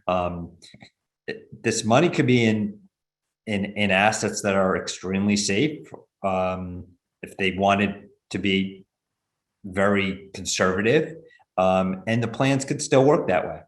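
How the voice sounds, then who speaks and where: A man with a very low voice explains benefit plans as a guest in a podcast interview. He talks at length and often restarts his sentences. The recording has a roomy echo around his voice. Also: normal speed. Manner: explanatory, many restarts and fillers.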